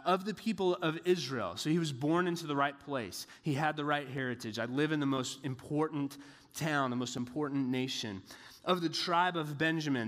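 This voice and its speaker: Chatty preacher with a higher voice. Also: male voice, fairly bright tone, in a large hall. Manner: chatty, joking asides with many "like" fillers. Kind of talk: casual Bible teaching.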